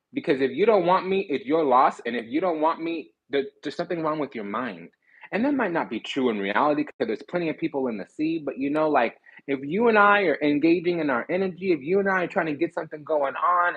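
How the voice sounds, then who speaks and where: A man's voice: a little high, a bit bright, slightly rough, poor audio. A man giving a casual tarot reading, talking bluntly in slang and with swearing, and often stopping to restart his sentences. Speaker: tarot reader.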